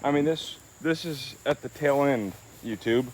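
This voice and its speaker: A man's voice: mid-range voice, measured pace, a little hiss or hum. A man talking casually on a family vlog, playfully teaching his toddler colors outdoors on a homestead. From West Georgia, USA. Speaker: father and homestead vlogger.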